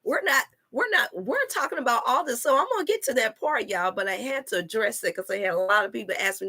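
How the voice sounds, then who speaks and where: A woman's voice: fairly high pitch, expressive, fast, hardly any pauses, pushed and bright, breathy edge. A woman hosting a live stream, preaching to her viewers in an emphatic, repetitive way, full of scripture and talk to "y'all". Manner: addresses viewers as y'all and you all. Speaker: wellness coach and channel host.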